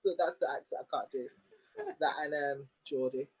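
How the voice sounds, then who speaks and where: A playful woman hosts a relaxed chat, teasing her guests and keeping things light. Her voice sits low for a woman and moves at an easy pace. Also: moderate pace, husky. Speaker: discussion host. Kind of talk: casual group discussion.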